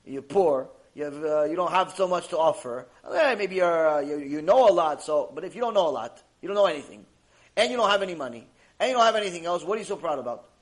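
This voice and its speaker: Animated man teaching a lesson. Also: fairly high pitch, fast, low-quality recording. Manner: animated, acts out dialogue in a story. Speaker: rabbi teaching Jewish ethics. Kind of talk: lecture with acted-out story.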